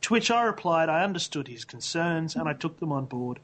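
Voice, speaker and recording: A man's voice: a little high, lively intonation, a little fast, fairly bright tone. A man co-hosting a podcast, telling a playful story in casual chat. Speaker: podcast co-host.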